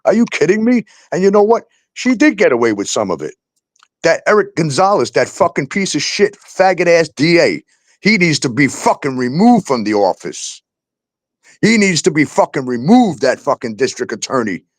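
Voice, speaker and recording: Angry, animated New man ranting. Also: fairly high pitch, moderate pace, no room sound, clean studio sound. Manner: heated, swearing, ranting about landlords and cops. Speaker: talk show host. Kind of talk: angry profane rant.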